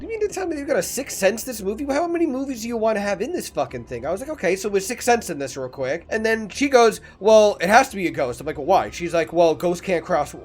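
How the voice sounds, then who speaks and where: Man, podcast co-host, high voice, very animated, jokey, cussing. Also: fast, hardly any pauses. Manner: joking, profane, animated storytelling. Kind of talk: casual movie review chat.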